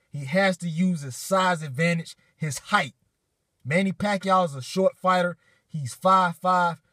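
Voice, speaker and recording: A man's voice: medium pitch, fairly bright tone, no echo, clean studio sound. A man reacting on his vlog in a hyped, profane rant, getting emotional and choked up. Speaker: boxing fan vlogger. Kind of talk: excited fan reaction vlog.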